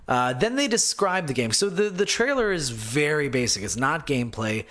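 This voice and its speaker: A young man hosting a casual solo gaming podcast, rambling and excitable, swinging between low muttering and loud outbursts. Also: moderate pace, few pauses. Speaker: podcast host.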